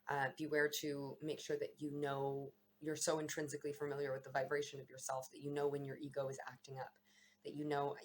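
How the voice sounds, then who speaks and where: A woman's voice: deep voice, slight background noise. A woman vlogger talking casually and reflectively to camera about astrology, meandering and often correcting herself mid-sentence. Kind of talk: casual spiritual musing to camera.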